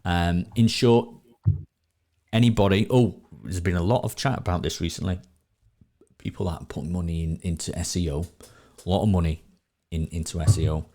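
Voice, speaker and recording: A man's voice: deep voice, steady tone, normal speed, mellow. A man hosting a casual live-stream chat, talking in a loose way with many restarts and repeated words. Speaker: podcast host. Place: at home.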